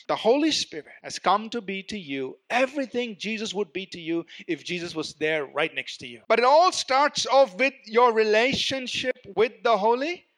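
High-voiced man preaching a teaching sermon. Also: lively intonation, a bit bright. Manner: explains Greek words slowly, stresses key words.

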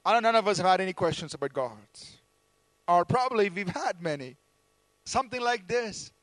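A man's voice: high-pitched, animated, fairly quick, a bit bright, dry recording. A man preaching a sermon, speaking emphatically and calling on the congregation to respond.

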